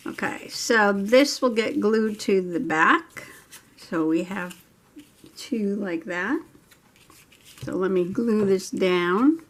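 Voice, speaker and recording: A woman's voice: mid-range voice, takes it slowly, long pauses. A woman vlogger chatting casually to herself and viewers as she works on a craft project at home. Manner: chatty, thinking aloud while working.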